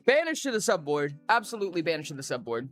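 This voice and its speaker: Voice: mid-range voice, big pitch swings, fast, fairly bright tone, faint music behind. A live streamer chatting casually with viewers, bubbly and rambling, often joking at their own expense. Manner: bubbly, rambling, self-mocking.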